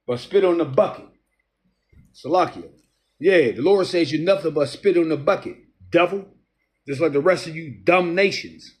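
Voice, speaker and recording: A man preaching in a confrontational style, reading scripture slowly and taunting his listeners with profanity. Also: on the high side. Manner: reads scripture slowly, restarts verses. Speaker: street preacher.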